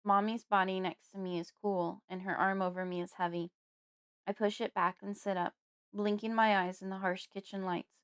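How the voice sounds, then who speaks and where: Smooth-voiced woman narrating horror. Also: mid-range voice, little pitch movement. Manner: measured, storytelling. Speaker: audiobook narrator. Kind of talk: scripted first-person horror narration.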